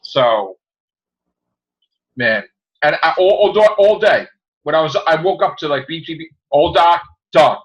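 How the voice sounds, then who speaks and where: A man hosting a casual podcast, telling stories in an animated way and acting out the people he quotes. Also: a little high, unhurried, long pauses. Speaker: podcast host. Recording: muffled lo-fi audio.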